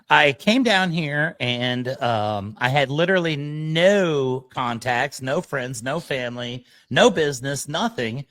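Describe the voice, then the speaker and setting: A man hosting a podcast, telling a personal story at an unhurried pace. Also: on the high side, fairly bright tone, dry recording. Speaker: podcast host.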